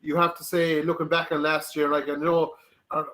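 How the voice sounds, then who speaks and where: A man's voice: a little high, level tone, moderate pace, fairly bright tone. A man guest in a casual chat, rambling with many restarts. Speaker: podcast guest.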